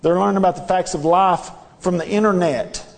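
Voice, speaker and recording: A man's voice: sits high, a little fast, gravelly, in a large hall. A man preaching a sermon in a church, earnest and repetitive, pressing his listeners with rhetorical questions. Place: church sanctuary.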